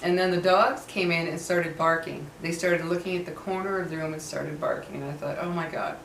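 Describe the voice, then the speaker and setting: A woman's voice: deep voice, steady tone, brisk, vocal fry, a bit bright, reverberant, distant mic, a little hiss or hum, poor audio. A woman in a casual vlog who tells a personal story earnestly and keeps stressing that it really happened. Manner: earnest, emphatic, insists the story is true. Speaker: vlogger.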